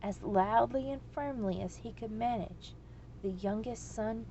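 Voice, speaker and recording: A woman reading a storybook aloud in a slow, measured way. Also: fairly high pitch, mellow, lo-fi sound, a little hiss or hum.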